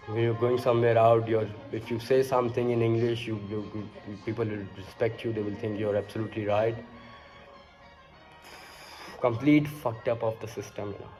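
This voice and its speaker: A man's voice: on the low side, darkish tone, poor audio. A Pakistani man with a Pakistani accent talks in a rambling, frank monologue, leaning constantly on fillers like "you know" and "like". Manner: frank and profane. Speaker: vlogger. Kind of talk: casual monologue.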